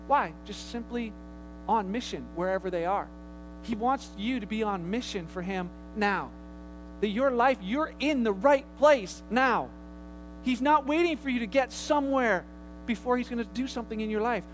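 Male pastor, sermon, high voice, chatty storytelling, restarts and asides, faint music behind. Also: normal speed, low-quality recording. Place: church sanctuary.

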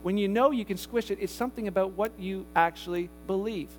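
A man's voice: high-pitched, brisk, a little hiss or hum. A man preaching a sermon to a church congregation, talking casually and asking his listeners rhetorical questions. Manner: grows loud and animated in the story he tells. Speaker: pastor.

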